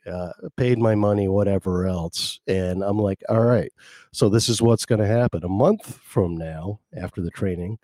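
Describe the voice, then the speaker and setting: A middle-aged man from rural talks through his own show in a loose, self-reflective ramble, pausing and restarting often. His voice sits low and mellow with a relaxed warmth. The sound is dry and close, with no room around it. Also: no room sound. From rural Maine. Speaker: podcast host. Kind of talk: casual solo monologue.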